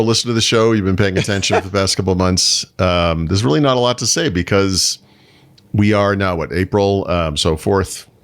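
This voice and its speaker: A man co-hosting a tech podcast, explaining things in a relaxed way with many fillers. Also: deep voice. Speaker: podcast co-host, tech writer. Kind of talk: casual podcast chat.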